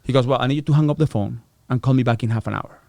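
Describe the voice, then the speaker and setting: A man's voice: medium pitch, very fast, creaky, darkish tone, no echo. A middle-aged man, a podcast guest, telling a story in a casual, profane way, acting out the voices of people he quotes. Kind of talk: storytelling interview.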